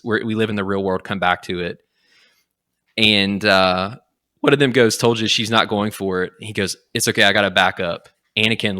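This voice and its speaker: Bright-voiced man retelling a story, lively. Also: fairly low pitch. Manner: animated, acts out lines in quick quotes. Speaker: podcast host. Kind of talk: casual retelling of a comic.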